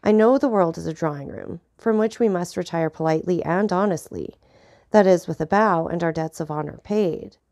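A woman voicing a grave, vengeful nobleman who speaks in a measured, solemn way. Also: fairly low pitch, darkish tone, natural voice.

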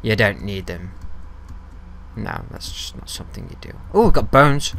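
A man's voice: lowish voice, normal speed, creaky, slight background noise. A young man giving casual commentary while playing a game, chatting to viewers and the creatures on screen and swearing freely. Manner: gets loud and excited when ambushed. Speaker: gaming video host. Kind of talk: casual let's-play commentary.

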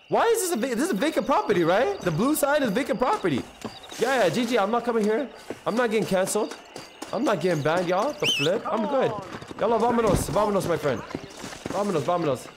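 A man live-streaming a video game, reacting loudly and chatting with his viewers in slangy, excitable bursts. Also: sits high. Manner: excitable, loud outbursts, slangy, talks to chat. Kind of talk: casual live-stream commentary.

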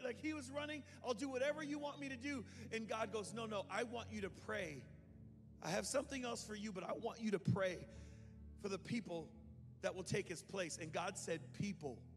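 A man preaching a sermon, telling a story and acting out the voices in it, swinging from hushed tones to shouts. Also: sits high. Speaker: pastor. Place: church sanctuary. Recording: long hall reverb with faint music.

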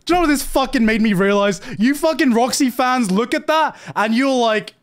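A young man streaming a casual anime rant, excitable and repetitive, swearing often. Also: very high-pitched, moderate pace. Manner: excitable, swears a lot, repeats himself. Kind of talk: animated casual ranting.

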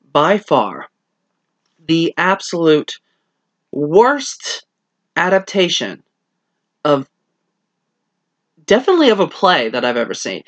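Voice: mid-range voice, a bit bright, no room sound. A reviewer talking casually and with enthusiasm about a stage play, rambling with many fillers and sometimes acting out quoted dialogue. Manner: acts out quoted dialogue in shifting voices.

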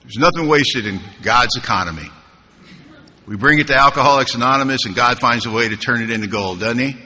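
Male speaker, wry storyteller at a podium, lively asides to the crowd; large hall reverb with faint noise. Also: medium pitch, fairly quick. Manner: humorous, conversational, asks the room rhetorical questions. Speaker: recovery meeting speaker. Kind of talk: storytelling talk at a recovery convention.

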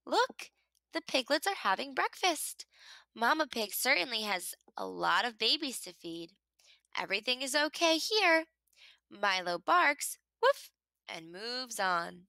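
A woman reading a children's picture book aloud in an expressive storytelling manner, making the animal sounds herself. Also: high-pitched, measured pace, gravelly, no room sound.

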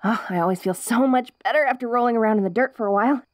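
A woman's voice: a little high, racing, no echo, lightly acted. A young woman voicing a perky, curious wolf girl in an ASMR role-play, bubbly and giggly with restless chatter.

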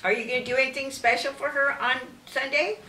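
A woman's voice: high voice, steady tone, brisk, pushed and bright, echoey room, recorded from a distance, a little hiss or hum, rough recording. A woman interviewing children at a church, encouraging them with short questions. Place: church room.

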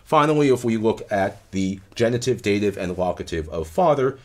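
Deep-voiced man giving an animated lecture. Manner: measured, explanatory, stressing key terms. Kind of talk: academic lecture.

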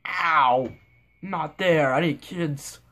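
A man's voice: a little high, extremely slow, pushed and bright. A young man giving goofy, rambling commentary while playing a sandbox game, talking to himself and the characters on screen. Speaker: gameplay video maker. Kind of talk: casual gameplay commentary.

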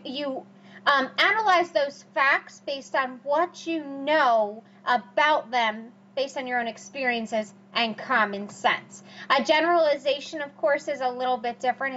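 A high-pitched woman teacher talks through her slides, hammering key points with repeated rhetorical questions. The recording is dull and lo-fi, with a faint hum underneath. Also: measured pace, a bit bright. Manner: repetitive, emphatic, asks rhetorical questions. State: has the hiccups. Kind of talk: recorded classroom lecture over slides.

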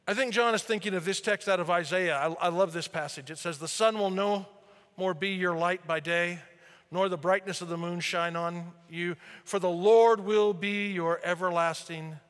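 A man preaching a sermon as pastor, animated, swinging between loud emphasis and quiet asides. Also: high-pitched, moderate pace, big-room sound. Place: church sanctuary.

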